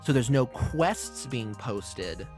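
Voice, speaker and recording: A man hosting a podcast, recapping a show in a casual, profane, animated way. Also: medium pitch, slow pace, faint music behind. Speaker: podcast host.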